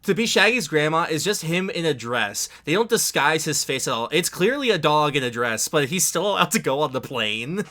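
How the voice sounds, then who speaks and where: Podcast guy with a bright sharp voice, excited, acts out scenes. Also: on the high side, a little fast, few pauses. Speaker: podcast co-host. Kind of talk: casual chat.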